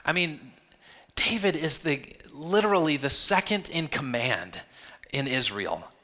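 Bright-voiced male pastor preaching. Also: on the high side, measured pace. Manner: earnest, animated storytelling with quoted voices. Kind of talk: sermon.

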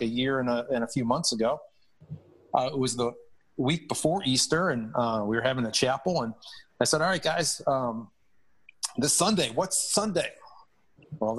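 A man's voice: medium pitch, breathy edge. A man, a hockey chaplain, telling stories earnestly in a podcast interview, often restarting his sentences. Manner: earnest, animated storytelling with restarts.

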